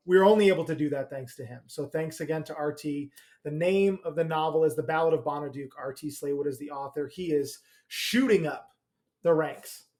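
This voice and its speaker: A man co-hosting a casual podcast, his voice sitting a little high. He rambles along in an easy, filler-heavy way. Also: darkish tone. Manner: chatty, laughs often, filler-heavy. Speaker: podcast co-host.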